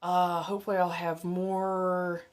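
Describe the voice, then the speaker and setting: This tarot reader and livestream host is a young adult woman whose voice sits on the low side. Her delivery is completely flat and unhurried, yet she's chatty and blunt on her casual stream, cursing freely and peppering her speech with fillers and laughs.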